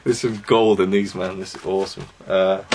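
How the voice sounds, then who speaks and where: A man's voice: low voice, fairly even intonation, normal speed, a little mellow. A young man giving a casual, chatty review of wrestling DVDs, enthusiastic and full of fillers. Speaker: DVD reviewer.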